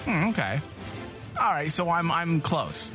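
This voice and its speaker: A man's voice: a little high, big pitch swings, measured pace, bright, forceful tone, faint music behind. A man in his forties co-hosting a podcast, joking and rambling in casual banter, laughing often. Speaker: podcast co-host.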